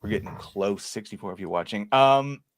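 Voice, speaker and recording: A man hosting a casual live podcast chat, joking and playful, swinging between loud and soft. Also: fairly low pitch, moderate pace, no room sound. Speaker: podcast host.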